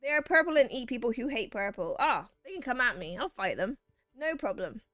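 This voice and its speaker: A woman with a high, bright-pitched voice chats with her viewers while she plays a game. She reads their messages aloud and teases them back. The sound is dry and close, with faint game music behind her. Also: big pitch swings, brisk, no echo. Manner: playful, chatty, reads chat messages aloud and banters back. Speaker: streamer playing a video game. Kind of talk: casual chat with a live chat while gaming.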